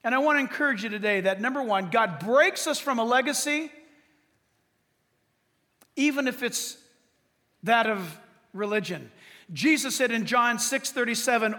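A man preaching with a strikingly high voice and a forceful, bright edge. He tells stories with animation and speaks straight to the congregation. A long reverb trails after every phrase, as in a large hall. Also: normal speed, pauses often. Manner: animated storytelling, addressing the congregation directly. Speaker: pastor. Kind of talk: sermon.

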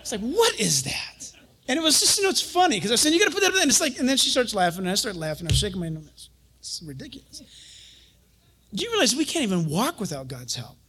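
A pastor and Bible teacher giving a sermon, telling stories in an animated way, chuckling often and acting out quotes. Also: male voice, very high-pitched, racing, hardly any pauses, husky.

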